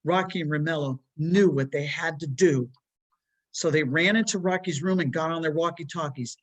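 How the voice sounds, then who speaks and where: A woman's voice: deep voice, normal speed. Woman reading her children's book. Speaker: children's author.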